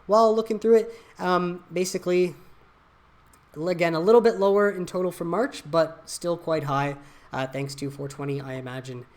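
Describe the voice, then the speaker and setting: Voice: mid-range voice, steady tone, moderate pace, darkish tone. A host giving casual, opinionated market news commentary, reading headlines aloud and adding blunt asides. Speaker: channel host.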